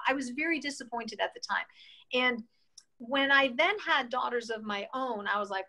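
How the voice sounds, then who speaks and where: A woman in her sixties from New York State, an interview guest telling lively stories and acting out the voices she quotes. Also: on the high side, fairly quick. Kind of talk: casual interview storytelling.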